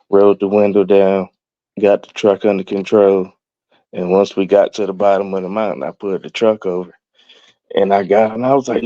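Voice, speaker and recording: A man's voice: sits low, mellow, no room sound. A young man telling a personal story as a guest, laughing as he goes and acting out the quoted dialogue. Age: young adult. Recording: dull, dry, lo-fi sound.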